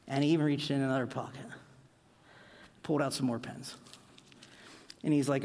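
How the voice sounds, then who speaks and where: A middle-aged man preaching a sermon, telling stories with lively, acted-out anecdotes. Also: a little high, fairly quick, pauses often. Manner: animated storytelling, acts out anecdotes. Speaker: pastor. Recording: long hall reverb.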